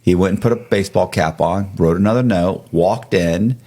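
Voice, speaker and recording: Deep, husky man telling a lively story. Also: moderate pace. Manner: animated retelling, acting out quotes in jumps of voice. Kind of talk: casual storytelling.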